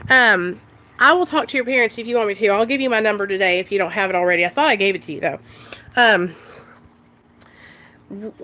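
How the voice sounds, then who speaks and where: A young woman chatting loudly and excitedly on a live stream about her recovery, talking straight to her viewers. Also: medium pitch. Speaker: recovery vlogger. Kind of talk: casual live-stream chat.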